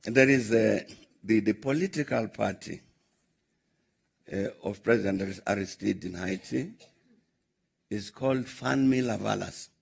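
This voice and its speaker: An older man with a South African accent speaks in a low, gravelly and very husky voice. He tells his story at a measured pace, breaking it up with frequent "uh" pauses and acting out the lines of each conversation. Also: darkish tone. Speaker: former head of state answering questions. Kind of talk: anecdotal storytelling in a Q&A.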